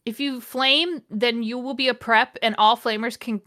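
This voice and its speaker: A woman's voice: fairly high pitch, steady tone, normal speed, sharp tone. A woman hosting a podcast, reading a fanfiction aloud in a casual comedic way, sardonic and often groaning at the text. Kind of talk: casual comedic read-along.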